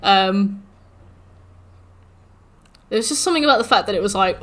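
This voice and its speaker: Bright-voiced woman ranting. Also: fairly high pitch, normal speed, long pauses. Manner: animated ranting, swears, mimics the game's taunts. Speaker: streamer. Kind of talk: casual livestream chat while gaming.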